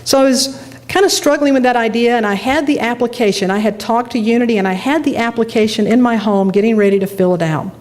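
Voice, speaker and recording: A middle-aged woman minister delivering a sermon, telling a personal story with animated delivery and laughing at herself. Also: fairly high pitch, fast talker.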